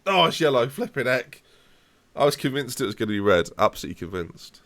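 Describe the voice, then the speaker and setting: A young man commentating live on his football management game, reacting loudly to the match and chatting to viewers. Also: lowish voice, lively intonation, fairly quick.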